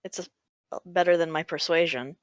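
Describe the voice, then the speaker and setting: A woman's voice: fairly low pitch, fairly even intonation, normal speed, no echo. A woman playing a tabletop role-playing game, casual and laughing between lines. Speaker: player.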